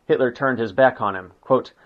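A man reading a history book aloud at an unhurried pace, marking quotations aloud and making occasional slips, in a dull lo-fi recording. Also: mid-range voice. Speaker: narrator.

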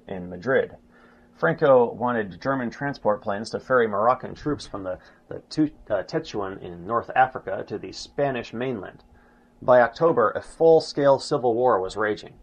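A man reading a history book aloud in a measured way, stumbling and restarting now and then and announcing quotes aloud. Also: lowish voice, breathy edge. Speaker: narrator. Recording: dull lo-fi recording.

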